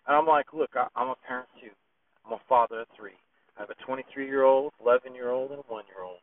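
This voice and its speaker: Rambling man on a tinny phone line. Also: mid-range voice. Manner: rambling, with many fillers and restarts. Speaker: storyteller. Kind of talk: casual personal story. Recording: tinny phone-line sound, voice distant from the mic.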